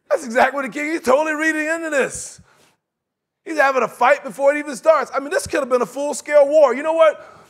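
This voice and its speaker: A man preaching a sermon in a conversational, animated way, acting out quotes and laughing along with his points. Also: extremely high pitch, fast, long pauses.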